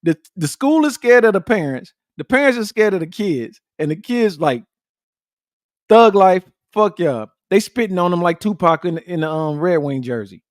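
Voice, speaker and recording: A man's voice: high-pitched, brisk, few pauses, dry recording, clean studio sound. Blunt, fired-up podcast host man. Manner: blunt, profane and animated, repeats points and calls out to viewers. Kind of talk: casual livestream chat with viewers.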